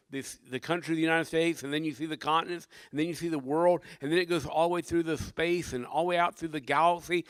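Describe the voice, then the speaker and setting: An older man, a pastor, delivering a sermon with dynamic preaching that swings from loud emphasis to hushed tones. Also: fairly high pitch, smooth, no echo.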